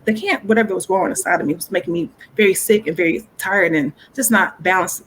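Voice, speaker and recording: A woman's voice: lowish voice, fast, low-quality recording. Woman guest telling her story, earnest and churchy, keeps restarting sentences, faint noise behind. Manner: earnest and faith-filled, often restarts phrases. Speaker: guest author. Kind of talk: personal story in a casual interview.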